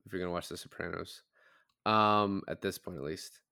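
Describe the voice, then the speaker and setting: A man co-hosting a film review podcast, talking in a relaxed, loose way full of fillers. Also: low-pitched, moderate pace, gravelly, clear, resonant tone. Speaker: podcast co-host. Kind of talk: casual chat.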